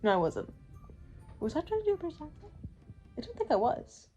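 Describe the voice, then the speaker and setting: A woman's voice: sits high, sing-song, a little fast, dark tone. A young woman chatting casually on a reading vlog, rambling with lots of "like" fillers and restarts. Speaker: book vlogger. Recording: slightly dull lo-fi sound with faint music. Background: faint background music.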